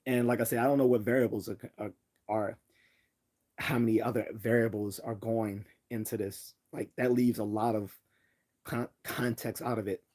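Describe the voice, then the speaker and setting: A man's voice: on the low side, steady tone, moderate pace, a little mellow. A man from the Northeastern US with a General American accent, talking casually on a livestream, hesitant with many restarts and fillers but blunt in his opinions. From Northeastern United States. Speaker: livestream host.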